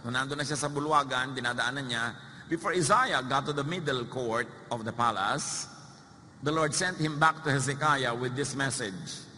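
Bright-voiced Filipino preacher in a hall. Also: male voice, mid-range voice, moderate pace. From Philippines. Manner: animated storytelling, acting out quoted voices with humorous asides. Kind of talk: sermon. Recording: reverberant hall with faint noise.

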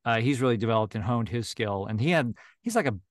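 A man narrating audiobooks talks loosely on a video call, full of ums and false starts. His pitch is medium. The sound is dry, close and without room echo. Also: animated, fast talker. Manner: chatty, many fillers and restarts. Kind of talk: casual interview chat.

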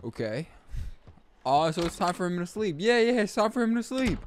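A young man casually commenting while he plays a game, slangy and animated, breaking into loud excited outbursts. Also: high-pitched, moderate pace, a little hiss or hum. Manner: slangy, says bro and man. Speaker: gaming YouTuber. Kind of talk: casual let's-play commentary.

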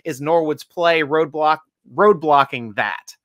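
Bright, dry-sounding male host. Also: fairly high pitch, takes it slowly, no echo. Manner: easygoing, laughs often, reads fan questions. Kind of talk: casual sports chat.

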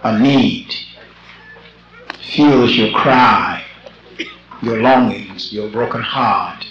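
An older man preaching a sermon as a bishop, slow and rhythmic, repeating phrases and breaking into shouts. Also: on the low side, noisy background. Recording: lo-fi old tape in an echoey church.

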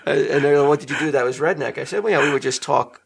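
A middle-aged man co-hosting a podcast, telling stories in a lively casual chat with frequent laughs. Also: mid-range voice, quick pace, gravelly, a little hiss or hum. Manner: animated, laughing storyteller. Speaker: podcast co-host.

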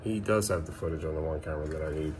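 Rapid-fire and bass-voiced, a man in his thirties talks to camera in a casual nighttime vlog at home, where he is a father. He speaks emotionally with swearing and fillers, against a noisy background picked up by the camera mic.

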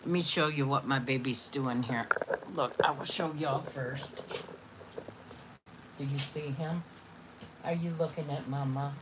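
A woman's voice: a bass voice, steady tone, a little slow, pauses often, heavy background noise. A woman chatting casually to viewers and doting on her dogs in baby talk. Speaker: vlogger. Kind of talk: casual chat to viewers and pets.

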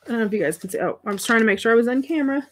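A woman's voice: a little high, lively intonation, rapid-fire. A middle-aged woman hosting a crafting livestream, thinking aloud as she works and chatting with viewers about their comments. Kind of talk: casual craft demonstration chat.

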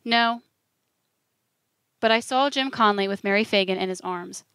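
A soft-spoken elderly man with a Southern accent, gentle and worn out, speaking in a quiet, subdued way, voiced by a woman narrating an audiobook. The sound is close and dry, with no room around it. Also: medium pitch, moderate pace, clean tone, no echo, natural voice. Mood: weary, earnest. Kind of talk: audiobook reading.

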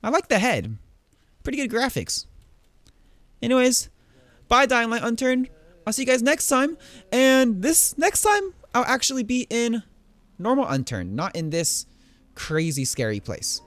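A man's voice: very high-pitched, sing-song, normal speed, long pauses, fairly bright tone, dry recording. A young man giving casual, playful commentary while playing a game and talking to the enemies he fights. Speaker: gaming YouTuber.

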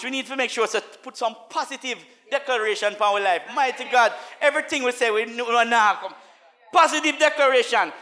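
A man preaching a sermon as a minister, mixing laughing asides with chanted, call-and-response lines and swinging from soft talk to shouts. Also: very high-pitched.

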